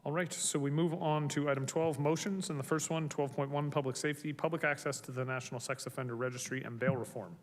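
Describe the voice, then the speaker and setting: A man's voice: a little high, fairly even intonation, quick pace, few pauses. A man chairing a city council meeting, announcing agenda items in a plain, procedural way. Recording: reverberant chamber, faint hum.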